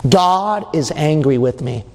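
A man's voice: on the high side, lively intonation, unhurried, darkish tone. A man preaching a sermon in a church, emphatic and conversational, who keeps repeating his points and drops in casual asides. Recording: long hall reverb.

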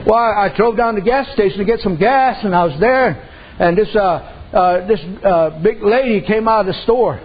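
A man with a notably high voice preaches in a folksy, rambling way, telling stories and tossing in "amen" between thoughts. The recording sounds muffled and lo-fi. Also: moderate pace, breathy edge. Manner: folksy, repeats "amen" and "I said", uses dialect. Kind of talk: sermon with storytelling. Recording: dull lo-fi sound.

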